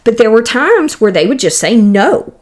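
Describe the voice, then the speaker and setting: A woman's voice: a little high, very animated, normal speed. Earnest woman hosting a faith podcast. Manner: earnest, conversational, with fillers and restarts. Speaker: podcast host. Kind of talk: casual Christian teaching monologue.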